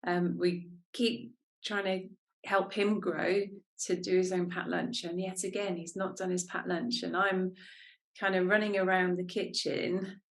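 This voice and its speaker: A woman's voice: fairly low pitch, little pitch movement, unhurried, creaky. A woman co-hosting a podcast, candidly sharing a personal story in a self-reflective, casual chat. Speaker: podcast co-host.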